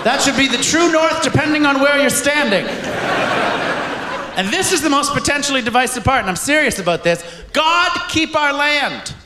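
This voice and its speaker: A man doing stand-up before a live audience, shouting out his punchlines. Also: very high voice. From Canada. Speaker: stand-up comedian. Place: stage in a large room with an audience. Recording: echoey live recording with crowd noise.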